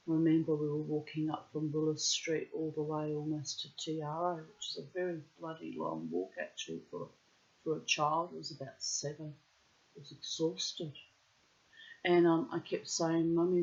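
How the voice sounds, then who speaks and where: A woman's voice: low voice, lo-fi sound. A woman with a New Zealand accent telling a rambling personal story straight to the viewer, blunt and profane. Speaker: vlogger.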